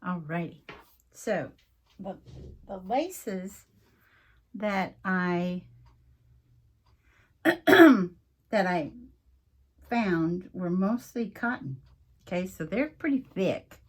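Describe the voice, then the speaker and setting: Woman, craft tutorial host, chatty, wanders off topic, slow talker. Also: on the low side, expressive, husky. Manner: chatty, rambling, interrupts herself; mentions her accent coming and going. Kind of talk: casual craft tutorial chat.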